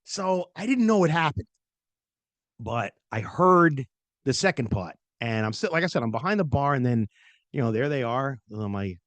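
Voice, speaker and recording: Speaking at a moderate pace in a medium-pitched voice, a middle-aged man hosting a podcast shares a personal story. He's animated and chatty, leans heavily on fillers, and imitates the voices of those he quotes. The audio has no echo.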